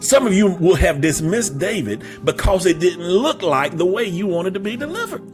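Male preacher, high voice, emphatic and repetitive, climbs to shouting, faint music under him. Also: big pitch swings, normal speed. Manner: humorous storytelling with stammered restarts. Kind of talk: sermon.

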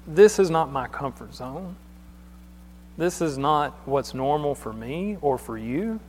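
A man's voice: a little high, animated, takes it slowly, darkish tone, a little hiss or hum. A man preaching a sermon in a church hall, talking in a plain conversational way and often repeating his words. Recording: long hall reverb.

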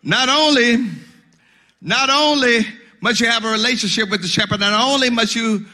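A man preaching a sermon as pastor, building to shouted, sung calls. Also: very high voice, fairly even intonation, normal speed.

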